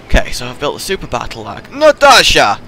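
A man narrates his strategy match as he plays, excitable and quick to swear and trash-talk. His voice is bright. A faint hum sits underneath. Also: medium pitch, gravelly. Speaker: gaming video host. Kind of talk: live gameplay commentary.

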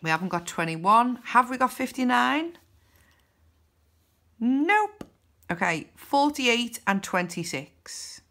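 Slow-talking bright woman. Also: on the high side, expressive. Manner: chatty, counts numbers aloud, cheers and groans. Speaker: scratch card vlogger. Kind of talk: casual commentary while scratching cards.

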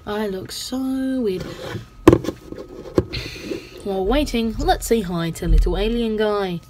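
A woman's voice: medium pitch, a little slow, pauses often, very noisy. A playful female host, casually commenting over gameplay with goofy sing-song bits and a habit of saying "bloody". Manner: self-censors swearing, says "bloody" a lot. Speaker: gaming channel host.

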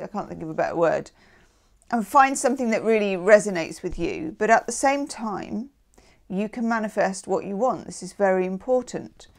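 A woman giving a casual, chatty tarot reading. She is encouraging and often checks in with "okay?". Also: mid-range voice. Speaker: tarot reader.

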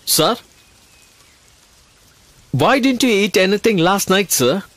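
A man's voice: sits high, expressive, slow, fairly bright tone, no echo, full character voice. An actor dubbing a loyal, eager young male orphan who speaks in an earnest, pleading way. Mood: concerned. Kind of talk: dubbed film acting.

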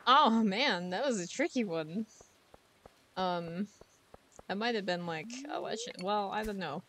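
A woman's voice: mid-range voice, measured pace, fairly bright tone, slight background noise. A woman streamer chatting casually over gameplay, giggling and talking to the game's characters from a room at home.

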